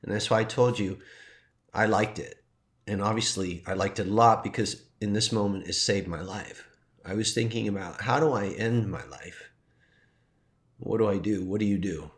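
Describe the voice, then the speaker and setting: A man, a teacher and coach, telling a personal story in a halting, heartfelt way and pausing to compose himself as he gets choked up. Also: sits low. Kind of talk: emotional personal sharing.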